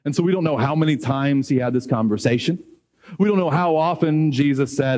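A middle-aged man preaching a sermon, animated, acting out dialogue and rising high when excited. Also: brisk.

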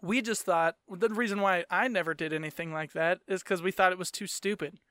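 A man's voice: sits high, fairly even intonation, fairly quick, bright, forceful tone, no room sound, clean studio sound. A man in his thirties hosting a casual solo podcast, rambling, swearing freely and laughing mid-sentence, often tagging his points with "right?". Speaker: podcast host.

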